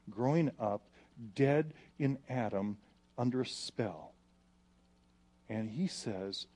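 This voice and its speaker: A man preaching a sermon, dramatic, dropping to a hush and then rising to forceful emphasis as he retells scripture. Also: mid-range voice. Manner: dramatic, swings from hushed to emphatic when quoting scripture.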